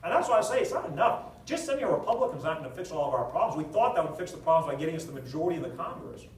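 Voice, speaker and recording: A man, a political candidate, answering at a town hall meeting, telling anecdotes with jokes in a lively storytelling manner. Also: on the high side, racing, far from the mic, slight background noise. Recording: echoey hall recorded from afar.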